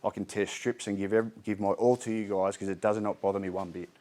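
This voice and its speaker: Australian male speaker, late 30s, low-pitched, casual and frank, lots of fillers and restarts. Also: fairly even intonation, a little fast, darkish tone. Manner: candid, chatty, frequent ums and restarts. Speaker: mental health speaker. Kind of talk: informal community talk. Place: indoor community hall.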